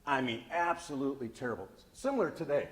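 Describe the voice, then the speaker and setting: Animated folksy male storyteller. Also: mid-range voice, fast talker. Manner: animated, self-deprecating, folksy. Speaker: storyteller speaker. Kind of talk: comic storytelling presentation.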